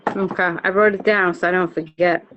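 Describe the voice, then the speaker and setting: A woman's voice: fairly low pitch, steady tone, brisk, a little hiss or hum. Woman in a class, dull lo-fi sound. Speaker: class participant. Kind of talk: casual class talk.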